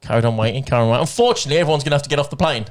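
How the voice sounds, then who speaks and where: A man co-hosts a podcast in a casual, chatty way. His story wanders, piles on quoted dialogue and lets the swearing slip in. His pitch sits in the ordinary middle range. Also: racing. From England. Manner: rambling anecdote with swearing and acted-out quotes. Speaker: podcast co-host.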